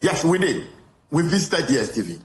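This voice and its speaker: A Ghanaian man answering interview questions, explaining deliberately and often repeating words. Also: a little high, very animated, echoey room.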